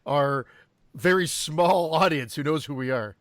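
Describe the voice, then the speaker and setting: A man's voice: fairly high pitch, a little slow, fairly bright tone, no echo, clean studio sound. A man co-hosting a horror movie podcast in casual chat, joking, laughing often and acting out bits. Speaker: podcast co-host.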